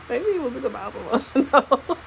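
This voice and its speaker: A young woman, a new mother casually telling her birth story to camera in an expressive, profane way. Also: high-pitched, moderate pace, creaky, a little hiss or hum, low-quality recording. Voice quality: expressive, profane, animated retelling. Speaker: vlogger, new mom. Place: at home holding her baby.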